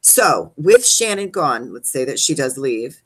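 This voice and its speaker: A woman's voice: sing-song, measured pace, slightly rough. Sassy profane woman ranting. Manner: sassy, profane, dramatic pitch jumps. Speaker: co-host of a reality show recap. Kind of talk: casual rant.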